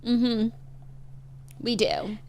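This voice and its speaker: A woman's voice: fairly high pitch, huge pitch swings, drawn-out words, gravelly. A woman co-hosting a podcast, bantering in a bubbly, self-mocking way. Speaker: podcast co-host. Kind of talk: casual chat.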